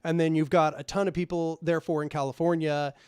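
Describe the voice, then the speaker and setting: A man's voice: on the high side, level tone, quick pace, darkish tone, clear, resonant tone, no echo, studio quality. A man hosting a livestream, reading chat and commenting in a rambling, conversational way. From Oklahoma, USA. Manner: rambling, conversational, frequent laughs. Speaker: livestream host.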